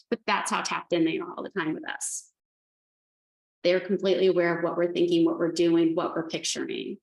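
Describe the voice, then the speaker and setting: A woman presenting herself as an animal communicator tells stories in a chatty, spiritual vein, frequently restarting her sentences. Her lowish voice is level and brisk, recorded in an echoey room.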